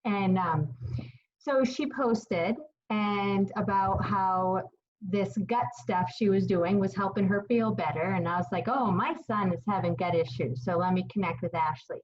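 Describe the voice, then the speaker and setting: A woman's voice: mid-range voice, measured pace. A woman in her late thirties hosting a casual chat, earnest and emotional, close to tears. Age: late 30s. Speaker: host. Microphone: video call. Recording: slightly muffled video call.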